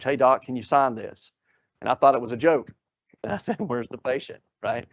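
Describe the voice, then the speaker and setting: A man's voice: medium pitch, no room sound. A man, an emergency doctor giving a live lecture to medics, quizzing the audience and cracking jokes. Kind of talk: live lecture to EMS providers. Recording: dull lo-fi lecture audio.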